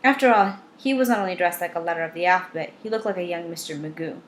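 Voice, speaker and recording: A woman's voice: on the low side, fast talker, a little hiss or hum. A woman reading a novel aloud in first person, with a wry, dry delivery. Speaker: audiobook reader.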